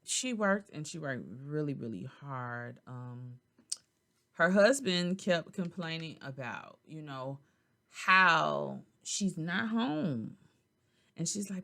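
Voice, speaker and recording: Woman podcast host, tired and yawning, low voice, lively swings in pitch, chatty storytelling. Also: slow, creaky. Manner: chatty, loose and yawning, talks straight to listeners with slang. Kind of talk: casual storytelling monologue.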